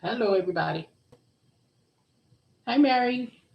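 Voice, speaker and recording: A woman's voice: on the high side, animated, unhurried, gravelly, highs cut off. A woman hosting a live tarot stream, chatting casually and greeting viewers by name, with frequent restarts.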